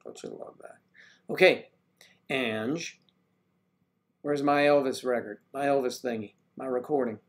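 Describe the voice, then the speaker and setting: A man's voice: mid-range voice, a little slow, long pauses. An older man hosting a casual livestream, greeting viewers by name and rambling while he fumbles with his equipment. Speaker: livestream host.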